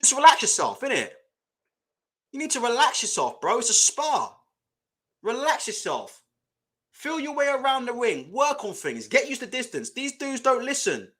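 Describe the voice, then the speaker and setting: A young man riffs on a live boxing chat, blunt and foul-mouthed, breaking into laughter. His voice sits high and bright, and his pitch swings widely as he talks. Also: wildly swooping pitch, moderate pace. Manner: blunt, swearing, laughs a lot while ranting. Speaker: boxing channel host. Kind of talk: casual live-stream chat.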